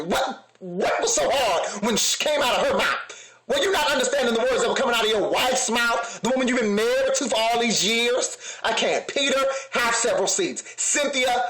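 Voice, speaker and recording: A man's voice: extremely high pitch, normal speed, reverberant, a loud crowd. A man giving a sassy, laughing commentary, talking straight to his viewers. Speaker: reality TV reviewer.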